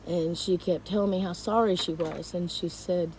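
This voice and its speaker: A woman, a teacher, telling a painful personal story to her viewers in a halting, emotional way. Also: on the low side, steady tone, a little mellow, a little hiss or hum, poor audio.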